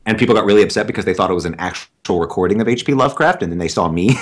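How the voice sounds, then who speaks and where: A male stage actor being interviewed, chatting in an animated, talkative, self-deprecating way. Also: fairly low pitch, rapid-fire, few pauses. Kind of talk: casual interview chat.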